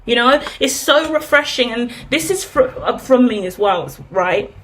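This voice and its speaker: A woman's voice: on the high side, lively intonation, measured pace, fairly bright tone. A woman in her thirties giving a candid, chatty tarot reading, asking herself rhetorical questions and swearing freely. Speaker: tarot reader. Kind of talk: casual tarot reading monologue.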